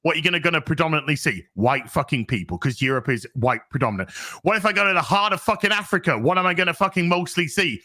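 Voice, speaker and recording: Male co-host, profane ranter, bright edgy tone. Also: a little high, expressive, fast talker. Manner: profane, ranting. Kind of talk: casual podcast chat.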